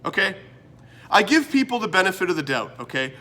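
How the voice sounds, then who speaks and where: Canadian guy hosting his own show, fairly high voice, rants a lot, gets heated fast. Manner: ranting, animated, exasperated asides. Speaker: host. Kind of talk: comedic vlog monologue.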